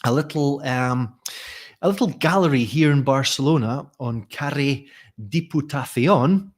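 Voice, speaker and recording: A man's voice: mid-range voice, a little slow. A man talking casually as a teacher trainer in a live lesson, musing aloud with frequent restarts. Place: Barcelona.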